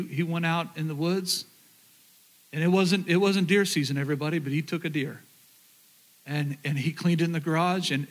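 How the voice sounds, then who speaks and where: With a slightly high, somewhat bright voice and a Southern accent, this pastor from rural Oklahoma, USA, delivers a sermon told through personal stories. He speaks earnestly to the crowd, repeating words as he goes.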